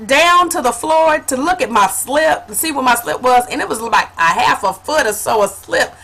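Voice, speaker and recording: A woman vlogger telling a funny personal story in a casual, animated way, laughing and calling her viewers honey. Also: high-pitched, normal speed.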